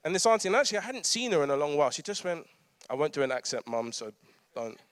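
A man's voice: a little high, very animated, fast talker, no echo, studio quality. A man, preaching a conversational sermon with humorous asides and frequent laughter. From London. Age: 30s.

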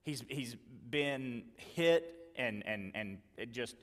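A man preaching a sermon, earnestly acting out the dialogue he quotes and moving between loud emphasis and quiet asides. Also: mid-range voice, lively intonation, takes it slowly, big-room sound. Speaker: pastor.

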